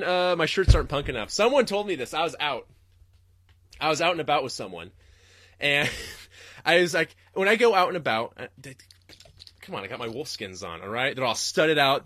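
A man hosting a podcast, ranting in a profane, rambling way and jumping suddenly into loud, high-pitched outbursts. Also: no room sound, clean studio sound. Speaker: podcast host. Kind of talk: livestreamed comedic rant.

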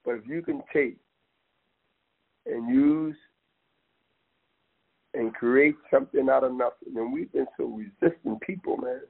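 A man's voice: mid-range voice, sing-song, measured pace, creaky, pauses often, slightly rough. A man talking with passion, rambling and emphatic, often calling the listener "man". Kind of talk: impassioned casual talk. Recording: tinny phone-line audio.

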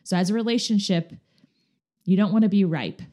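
A woman's voice: medium pitch, fairly quick. A woman talking casually, telling stories animatedly and acting out what people said. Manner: animated, acts out quoted dialogue. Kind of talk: casual conversational storytelling.

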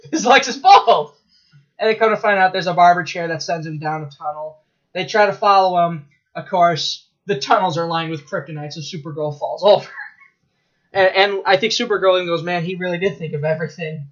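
Rambling excitable male podcaster, high voice, dull lo-fi sound. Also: moderate pace. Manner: rambling, excitable storytelling with laughs and profanity. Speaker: podcast co-host. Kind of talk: casual chat.

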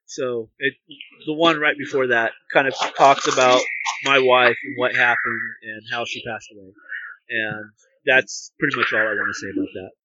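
Bright-voiced man co-hosting a podcast. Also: medium pitch, fairly even intonation, moderate pace, no echo, highs cut off. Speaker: podcast co-host. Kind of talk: casual podcast chat.

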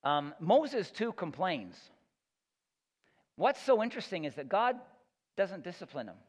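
Guy giving a sermon, kinda high voice, earnest and emphatic, stumbles over repeated words, echoey hall, muffled lo-fi sound. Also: big pitch swings, measured pace. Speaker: pastor.

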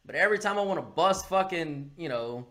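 A man with a Southern US accent talks in a slightly raised register, cursing freely as he co-hosts a casual podcast. He is blunt and grows loud and animated when riled. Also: fairly high pitch, fairly quick. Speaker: podcast co-host.

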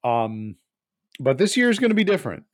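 A man co-hosting a podcast in casual chat, talking in halting, rambling restarts. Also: mid-range voice, sing-song, no room sound, studio quality. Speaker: podcast co-host.

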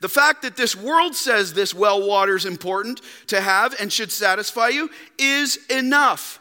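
A man preaching a sermon as pastor, emphatic, dropping to quiet rhetorical questions. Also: high-pitched, lively intonation, unhurried, few pauses. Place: church. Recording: long reverb in a church hall.

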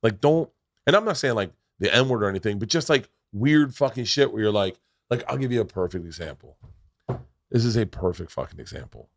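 A man's voice: fairly low pitch, expressive, a little fast, vocal fry. A man hosting a podcast in casual chat, telling stories in a profane way and acting out quotes in voices. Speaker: podcast host.

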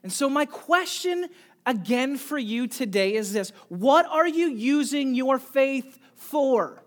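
A pastor preaching a sermon, asking the congregation direct questions and swinging from soft near-whispers to loud emphatic calls. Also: sits high, expressive, slow pace.

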